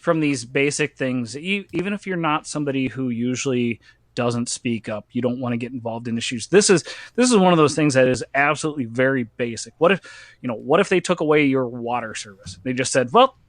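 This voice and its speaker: A man's voice: medium pitch, a little fast, no echo, clean studio sound. A man hosting a casual podcast chat, ranting emphatically and joking, with frequent restarts. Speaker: podcast host.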